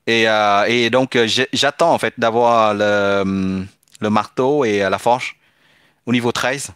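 Guy streaming a tennis game, kinda low voice, stops and restarts a lot, dry close mic. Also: fairly even intonation, measured pace, a bit bright, clean tone, no echo. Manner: hesitant, restarts often, switches between French and English. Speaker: live-stream gamer. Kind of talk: casual live-stream chat with viewers.

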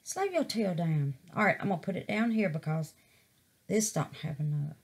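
A woman's voice: fairly low pitch, lively intonation, moderate pace, slightly rough. A middle-aged woman, chatting through a resin craft project and calling her viewers babies. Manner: chatty, calls viewers babies, exclaims to the Lord. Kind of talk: casual crafting vlog.

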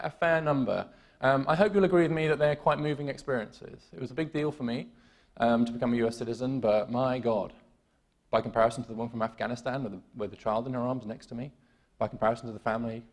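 A man's voice: medium pitch, gravelly. A man with a British accent, originally from the UK, giving a conference keynote with wry, self-deprecating humor, lots of "um" and restarts. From United Kingdom. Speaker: keynote speaker. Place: conference hall.

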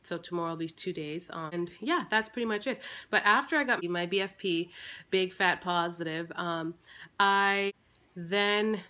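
A woman's voice: on the low side, moderate pace, sharp tone. A woman in her thirties giving a chatty vlog update, rambling with restarts and fillers, a little out of breath. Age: 30s. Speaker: family vlogger. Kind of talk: casual personal vlog update.

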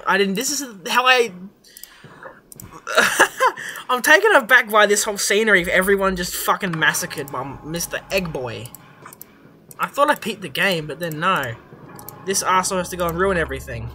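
A young adult gamer giving casual, excitable commentary over a horror game, swearing often and reacting loudly to surprises. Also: medium pitch.

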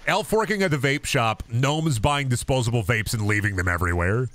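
A man's voice: medium pitch, lively intonation, a little fast, a bit bright. A man streaming a game, rambling and joking with heavy swearing. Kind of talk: casual stream commentary.

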